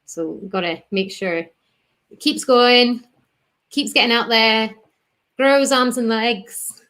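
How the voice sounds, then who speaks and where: A woman's voice: a little high, slow pace, fairly bright tone. A woman in her fifties, a podcast guest, chatting casually in an encouraging way and laughing often. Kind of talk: casual chat.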